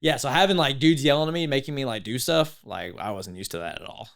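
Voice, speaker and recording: A man's voice: mid-range voice, fast talker, creaky, fairly bright tone. A man from East Texas, a podcast guest in his thirties telling stories in a laid-back, slangy way. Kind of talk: casual storytelling interview.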